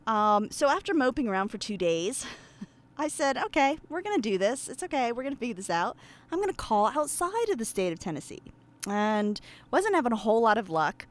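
A woman's voice: a little high, very animated, a little fast. Guest spot: a chatty, self-deprecating woman from Pennsylvania, telling a story with lots of fillers. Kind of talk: casual storytelling.

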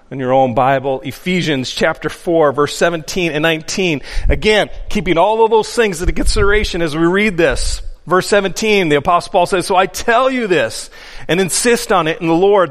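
A man preaching a sermon from the pulpit, earnest and emphatic, repeating his key phrases for weight. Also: a little high. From Upper Midwest of the US. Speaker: pastor. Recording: long hall reverb.

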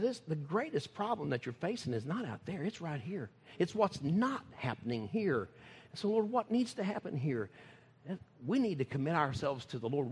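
A Texan preacher tells stories from the pulpit in a folksy, laughing way. His pitch swings widely, and his voice has a slightly husky edge. The sound rings with the long echo of a large hall. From Texas. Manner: folksy, laughing, animated storytelling. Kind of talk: sermon storytelling. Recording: echoey hall.

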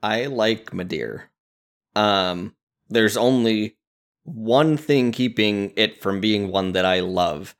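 A man who is a father, co-hosting a casual gaming podcast and telling relaxed, keen stories about his play. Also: on the low side, takes it slowly. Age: adult, a parent. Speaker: podcast co-host.

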